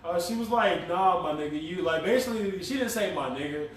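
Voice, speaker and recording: Young man, casual podcast co-host, a bit high-voiced and animated, laughing and swearing through his stories, heard from off the mic in a very echoey room with faint background hiss. He talks as if he is among friends. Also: fairly quick, recorded from a distance. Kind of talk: casual chat. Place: room recorded for a live stream.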